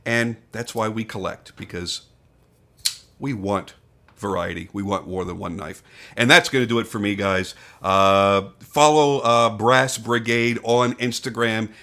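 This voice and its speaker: A man's voice: on the low side, a little slow, sharp tone. An older man casually reviewing a knife, talking off the cuff with frank opinions, swearing and restarts. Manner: candid, swears, thinks aloud with restarts.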